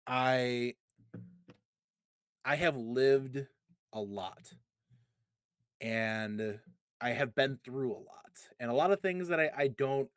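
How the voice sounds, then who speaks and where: Earnest man in his thirties, halting. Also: medium pitch, clean tone, no room sound. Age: 30s. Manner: halting, repeats words, earnest and heartfelt. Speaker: community advocate guest. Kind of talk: casual podcast chat, personal storytelling.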